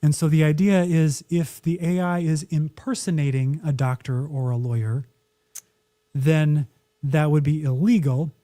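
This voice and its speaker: A man co-hosting a podcast with a mellow, warm tone and a slightly higher pitch. He chats casually, offers wry opinions and acts out quotes. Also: steady tone, a little slow. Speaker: podcast co-host.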